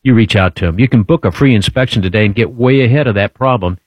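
A man co-hosting a radio show, chatting and reading an ad in a lively, storytelling way. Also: on the low side, fast, no room sound, muffled recording. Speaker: radio co-host. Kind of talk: casual radio chat and live-read ad.

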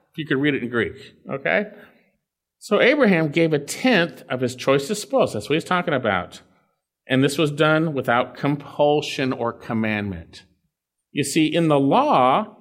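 A man preaching an expository sermon, explaining scripture verse by verse and dropping suddenly to a quiet voice. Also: a little high. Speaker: pastor.

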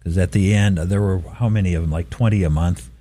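A man's voice: deep voice, steady tone, fairly quick, mellow. A middle-aged man hosting a radio show, telling an easygoing story in casual chat and chuckling often.

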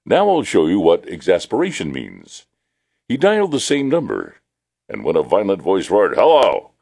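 A male radio host reading station news and telling a joke with animated character voices. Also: low voice, normal speed, creaky.

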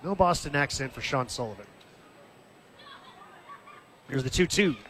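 A man calling live baseball play-by-play in a steady, conversational way, lifting his voice briefly when the action comes. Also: medium pitch, measured pace, some chatter behind, a little hiss or hum. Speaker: play-by-play announcer. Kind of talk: live baseball radio commentary.

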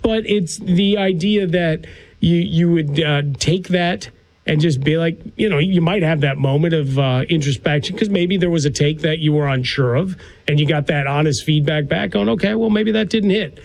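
A man with a high-pitched voice talks sports on the radio, wry and a little rambling as he works through his thoughts. He sounds reflective rather than heated. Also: normal speed, creaky, a little mellow, poor audio. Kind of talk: sports talk radio discussion.

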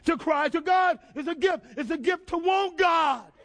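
High voiced pastor guy preaching hard, keeps asking the church questions, gets loud and shouty. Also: normal speed. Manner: call-and-response questions to the congregation, emphatic shouted build-ups. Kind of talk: sermon.

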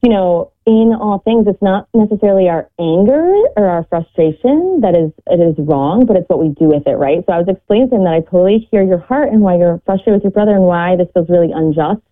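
Earnest woman guest on the phone, low-pitched, heartfelt faith talk, tinny line. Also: a little fast, hardly any pauses. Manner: earnest, heartfelt, quotes scripture. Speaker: guest mother and podcaster.

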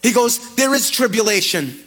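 A man pastor preaching an animated radio sermon, retelling scripture in lively paraphrase. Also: high-pitched, moderate pace, breathy edge, low-quality recording.

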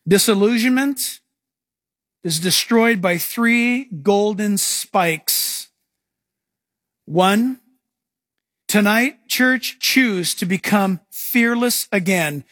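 A pastor preaching a sermon in church, speaking in an earnest, emphatic way and repeating phrases for weight. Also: male voice, high voice, very slow, long pauses, fairly bright tone, dry recording, clean studio sound.

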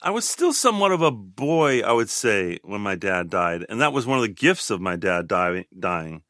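A man in his sixties, a guest in an interview, talking reflectively in a halting way with frequent restarts. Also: on the low side, sing-song, sharp tone, no room sound, studio quality. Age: 60s.

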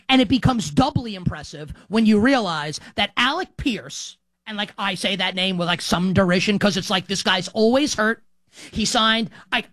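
Animated man giving sports commentary. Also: high-pitched, no room sound. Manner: animated, heavy use of "like". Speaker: sports talk host. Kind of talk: opinionated sports commentary monologue.

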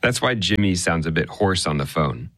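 A male radio reporter narrating a news story in a measured, conversational way. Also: deep voice, animated, a bit bright, no room sound.

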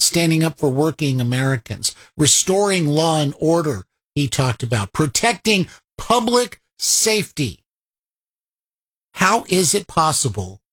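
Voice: medium pitch, husky. A political commentator reacting to a played clip, firing off rhetorical questions and sarcastically quoting opponents.

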